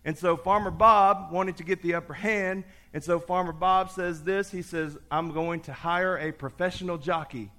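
Guy preaching, kinda high voice, tells a story all animated. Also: normal speed, few pauses. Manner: animated storyteller, acts out the characters. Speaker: pastor. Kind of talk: sermon with a told story.

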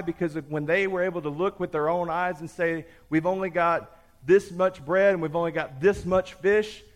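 A man preaching a sermon, telling a story with lively voices for the characters before turning to scripture. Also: on the high side. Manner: animated storyteller, acts out the characters. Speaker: pastor.

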